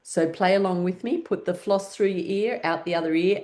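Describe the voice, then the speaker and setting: A woman's voice: lowish voice, moderate pace, hardly any pauses, a little mellow. A woman leading a guided laughter exercise session as an instructor, playful and coaxing, often breaking into exaggerated laughter. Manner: cheerful, coaxing participants to play along.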